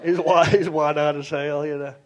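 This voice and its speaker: A male stand-up comedian performing a playful, animated set and talking with the audience, on a club stage with a handheld mic. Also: on the high side, normal speed. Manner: animated and playful, talks with the crowd. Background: audience laughter.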